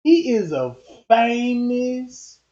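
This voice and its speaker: A man's voice: very high voice, sing-song, extremely slow, dark tone, lo-fi sound. A man hosting a casual commentary stream, slangy and emphatic, repeating himself as he builds up his points. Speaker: YouTube commentator.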